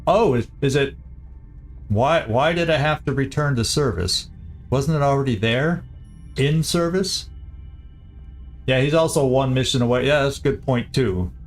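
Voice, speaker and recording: A man talks through his game plans as he streams, his voice sitting at an ordinary middle pitch. He mutters, restarts and repeats words as he thinks aloud. Faint game music plays underneath. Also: measured pace, pauses often. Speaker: gaming streamer. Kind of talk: casual gameplay commentary.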